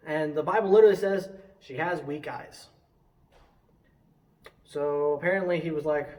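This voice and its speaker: Youthful-sounding male preacher, chatty and animated, slightly high, distant mic. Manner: animated, conversational preaching with quick asides. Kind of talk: casual youth sermon.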